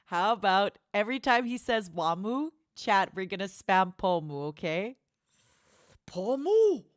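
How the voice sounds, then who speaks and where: A woman's voice: mid-range voice, moderate pace, dry recording, clean studio sound. A woman streamer hosting a watchalong in casual livestream chat, playful and affectionate, calling her viewers honey.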